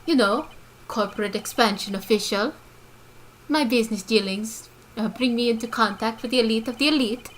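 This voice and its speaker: A woman's voice: fairly high pitch, normal speed, slight background noise, natural voice. A woman doing a pompous puffed-up CEO. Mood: haughty. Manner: grandiose, big-word affected speech. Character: pompous arrogant male corporate CEO. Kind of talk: reading game dialogue aloud.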